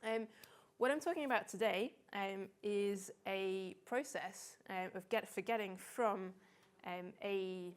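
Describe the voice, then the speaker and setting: A woman's voice: medium pitch, slow pace, few pauses. A woman in her forties, a data visualization consultant, giving a chatty, self-deprecating conference talk with frequent "um" fillers.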